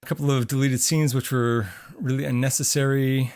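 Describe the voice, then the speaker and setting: A man's voice: medium pitch, fairly even intonation, brisk, darkish tone. A man co-hosting a podcast in casual chat, rambling with fillers while losing his voice. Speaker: podcast co-host.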